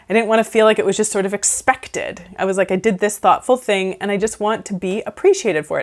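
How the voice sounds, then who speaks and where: A woman counsellor giving casual advice in a conversational way, often checking in with "right?". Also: mid-range voice. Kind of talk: casual advice talk to camera.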